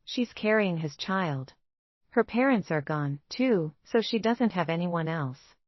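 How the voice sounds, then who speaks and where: A woman voicing a young husband who speaks in a soft, placating tone, read in a storybook style. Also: fairly low pitch, animated, measured pace, no echo. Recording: dull, dry lo-fi recording.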